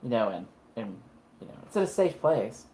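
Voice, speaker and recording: Shady jittery thief, voiced by a man, hurried stammering delivery. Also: medium pitch, very animated, mellow, lightly acted. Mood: evasive. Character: shady evasive male thief, nervous.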